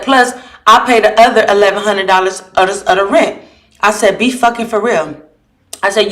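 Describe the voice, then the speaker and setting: A woman's voice: mid-range voice, a bit bright. A woman vlogger talking casually to her viewers, reading messages aloud and retelling an argument in a blunt, heated way with frequent swearing. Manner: reads messages aloud and asks viewers for judgment. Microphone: camera or phone mic while live.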